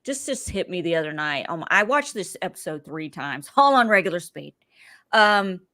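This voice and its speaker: A woman in her forties hosting a casual recap podcast, animated and quick to laugh as she spins theories aloud. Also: fairly low pitch. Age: 40s. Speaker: podcast host.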